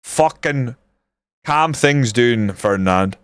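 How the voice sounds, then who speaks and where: A man live-streaming a football management game, swearing often and reacting loudly to the match as he chats with viewers. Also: medium pitch, expressive, takes it slowly, clean tone, no echo.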